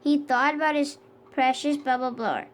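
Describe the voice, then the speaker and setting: Woman narrator, high voice, children's read-aloud, steady with small self-corrections. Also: moderate pace, slight background noise. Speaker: storybook reader.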